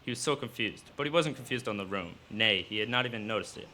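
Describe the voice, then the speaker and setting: A man reading his own fiction aloud at a live cafe event, in steady storytelling narration. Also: on the low side, fast, a little hiss or hum.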